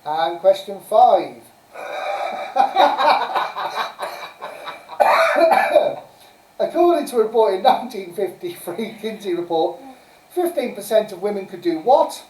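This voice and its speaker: A woman's voice: mid-range voice, expressive, slow pace, pauses often, darkish tone. Chatty woman hosting a live quiz, roomy and distant. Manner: chatty, giggly, reads answers and scores aloud. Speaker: quiz host. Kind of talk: casual live-stream pub quiz. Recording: roomy sound from a distant mic.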